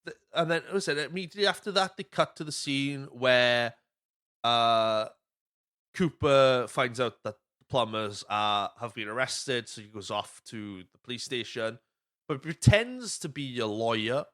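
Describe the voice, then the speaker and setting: A man hosting a laid-back movie podcast. His pitch swings up and down a great deal as he retells scenes, and his tone is bright and forward. He swears freely and drops into quick impressions of the characters. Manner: animated, sweary, retells scenes with quoted voices. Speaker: podcast host. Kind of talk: casual podcast movie chat.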